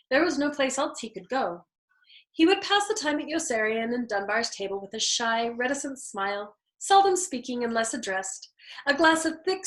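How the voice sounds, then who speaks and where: A woman reads a novel aloud with lively, shifting emphasis. Her voice sits a little high. The recording carries a noticeable room echo. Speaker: reader. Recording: echoey room.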